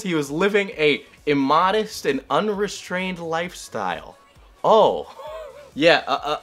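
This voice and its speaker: Lively sarcastic male commentator. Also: mid-range voice. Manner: rambling and sarcastic; self-deprecating asides. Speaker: YouTube commentator. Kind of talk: comedic commentary.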